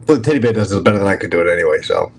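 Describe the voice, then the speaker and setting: A man with a strong New York accent hosts a casual livestream chat, joking with viewers in a brash, profane way. His voice is low-pitched, animated, and racing, captured on a rough recording.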